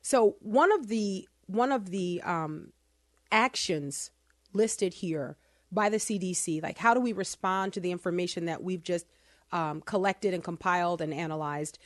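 A woman hosting a podcast, talking through survey data with sarcastic asides, speeding up and then slowing down for emphasis. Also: fairly low pitch, dry recording, studio quality. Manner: animated, sarcastic asides, quick bursts then slow emphasis. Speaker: podcast host. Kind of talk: casual opinion podcast talk.

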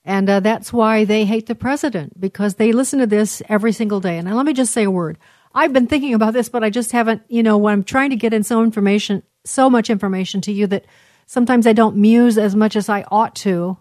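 A talk show host rambles through commentary on news clips, often pausing and restarting. She is a woman with a mid-range voice, and the recording is dry with no room sound. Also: mid-range voice, darkish tone, no echo. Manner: rambling, many fillers and restarts.

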